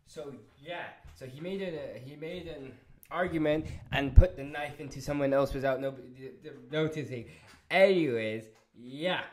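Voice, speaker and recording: Man, casual episode recap, excitable, swears, restarts a lot, slightly high voice, echoey room. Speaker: show reviewer. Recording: roomy echo.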